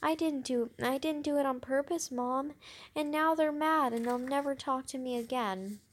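A woman reading a children's book aloud, voicing an excitable, dramatic young girl and often stumbling over words. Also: sits high, normal speed, lightly acted. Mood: upset.

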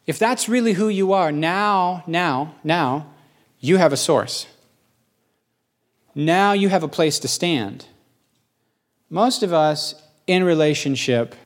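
A middle-aged man preaching a sermon as pastor, animated, slowing down to stress key phrases and rising into rapid questioning bursts. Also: on the high side. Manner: slows for emphasis on key phrases.

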